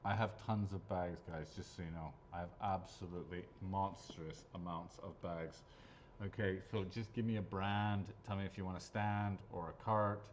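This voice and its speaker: A man's voice: low-pitched, steady tone, moderate pace, slight background noise. A man hosting a live raffle draw, chatting casually, joking crudely and rambling between draws. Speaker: raffle host. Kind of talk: casual live-stream chat. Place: his golf shop or driving range. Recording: slightly dull lo-fi audio.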